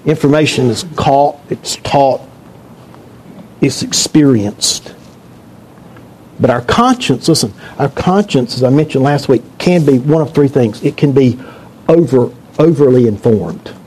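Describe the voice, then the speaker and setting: A man's voice: mid-range voice, expressive, a little slow, darkish tone, slight background noise. A man preaching a sermon to his congregation in a church, talking in a conversational, joking way and asking the room questions. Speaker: pastor.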